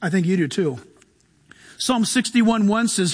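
Pastor, male, high tenor, lively sermon delivery with loud and hushed turns, long hall reverb. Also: measured pace, long pauses. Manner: animated, shifts between loud bursts and soft hushed asides.

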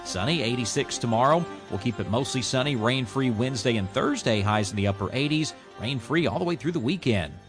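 A man's voice: mid-range voice, expressive, fairly quick, hardly any pauses, over music. A man giving a radio weather forecast as a meteorologist, in an upbeat style.

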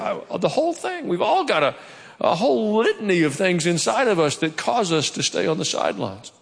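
A man's voice: high voice, a bit bright, big-room sound. A man preaching a sermon as a pastor, telling the story with playful asides. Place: church.

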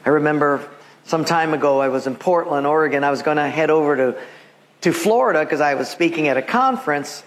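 High-voiced animated pastor. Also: male voice. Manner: animated, acts out voices and quotes, laughs with the congregation. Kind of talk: sermon with storytelling. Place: church with a live congregation.

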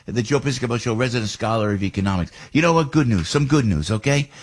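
A man's voice: mid-range voice, expressive, fast talker. A man hosting a radio talk show, telling stories in an enthusiastic, rambling way.

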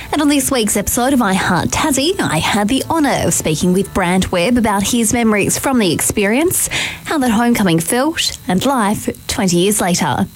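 Woman hosting a radio feature. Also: mid-range voice. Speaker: radio host and reporter. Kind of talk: scripted radio narration.

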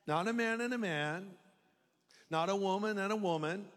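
A man's voice: sits high, moderate pace, a bit bright. A man preaching a live sermon in a conversational, humorous way. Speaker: pastor. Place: large church hall. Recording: long reverb of a large hall.

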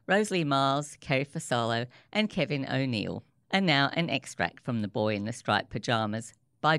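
A radio presenter, introducing guests and reading book extracts in a measured, clear way. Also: medium pitch, a bit bright, no room sound, studio quality. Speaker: radio show host.

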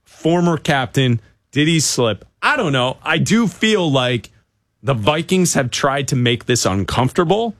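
Animated man talking football. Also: mid-range voice, measured pace, dry recording, studio quality. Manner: conversational, analytical, hedging. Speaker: sports talk host. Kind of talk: casual sports talk.

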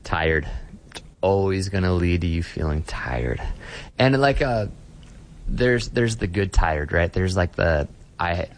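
A man's voice: low voice, animated, takes it slowly. A man who works as a pastor, talking earnestly in a podcast interview and often repeating words as he starts a phrase. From Austin, Texas.

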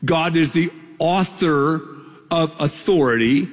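A man preaching a sermon, with slow, emphatic phrasing that swells toward shouts. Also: a little high. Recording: long reverb of a large hall.

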